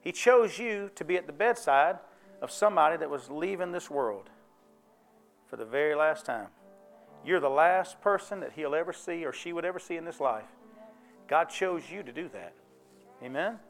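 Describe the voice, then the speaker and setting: High male voice, down-home church preacher, faint music bed. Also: expressive, normal speed. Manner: folksy, conversational preaching with call-and-response questions. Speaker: pastor. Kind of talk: sermon.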